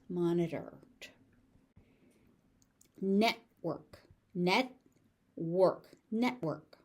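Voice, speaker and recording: A woman with an American accent teaching pronunciation, saying each word several times in a slow, careful drill. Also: medium pitch, darkish tone. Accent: General American. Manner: repeats each word slowly, syllable by syllable.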